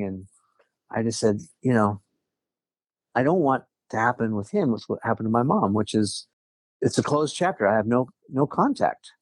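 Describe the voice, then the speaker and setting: A man's voice: mid-range voice, expressive, moderate pace, dry recording. Earnest man telling a personal story. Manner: earnest storytelling with frequent restarts and laughs. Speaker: guest. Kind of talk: casual conversation.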